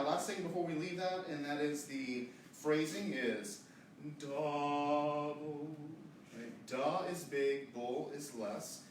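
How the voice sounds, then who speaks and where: A man directing a choir rehearsal, coaching the singers briskly and demonstrating phrases with his voice. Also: medium pitch, slight background noise. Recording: echoey room, distant mic, choir and piano.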